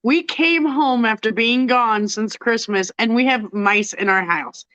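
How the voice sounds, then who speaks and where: A woman's voice: on the high side, unhurried, a bit bright, dry recording, muffled recording. A woman hosting a casual chat, congested and tired from illness, laughing often and reading out viewer comments. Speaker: host.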